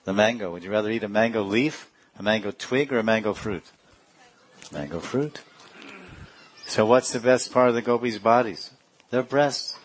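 A middle-aged man delivers a devotional lecture, his voice sitting a little low. He recites verses in Sanskrit, then unpacks them word by word with chuckles along the way. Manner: chanting Sanskrit verses and explaining them with laughs. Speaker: spiritual teacher.

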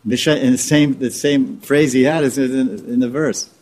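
A man's voice: medium pitch, fairly even intonation, moderate pace, a little mellow. A man teaching scripture informally, repeating and restarting words as he explains terms. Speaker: spiritual teacher.

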